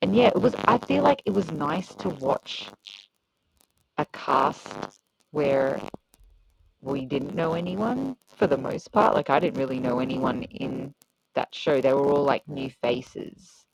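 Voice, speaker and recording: A woman's voice: low voice, lively intonation, takes it slowly, gravelly, background noise. A woman chatting casually about a show, hesitant and searching for words. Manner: hesitant, restarts often, many fillers. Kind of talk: casual chat reviewing a show.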